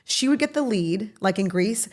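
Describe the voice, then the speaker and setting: A middle-aged woman telling rambling, animated anecdotes as a guest in a casual interview. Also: medium pitch, normal speed. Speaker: guest, talent manager.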